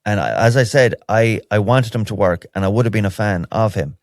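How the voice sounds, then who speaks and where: Irish male podcast host, low voice, dry close mic, candid rambling delivery. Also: brisk, no echo. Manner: rambling, candid and wry, many restarts. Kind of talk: solo podcast, casual chat.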